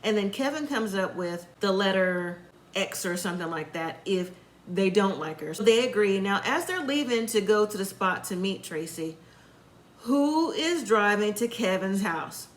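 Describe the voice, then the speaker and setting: A woman's voice: mid-range voice, lively intonation, moderate pace, echoey room, poor audio. A woman giving a casual, opinionated recap of a reality show, acting out what the people said. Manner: chatty, opinionated, acts out quotes.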